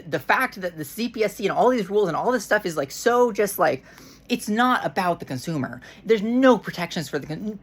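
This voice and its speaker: A woman's voice: medium pitch, a bit bright. Fired-up woman ranting in a vlog. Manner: heated and frustrated, swearing, halting restarts. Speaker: vlogger. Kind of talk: casual rant to camera.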